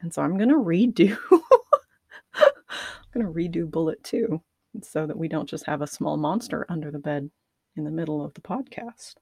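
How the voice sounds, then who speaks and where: Her voice is deep, husky and gravelly, darkish in tone and sing-song, moving at a moderate pace with long pauses and no echo. She's a podcast host recording outtakes at a computer studio mic, nervous with a dry mouth, giggling and putting herself down while restarting her lines and commenting on herself.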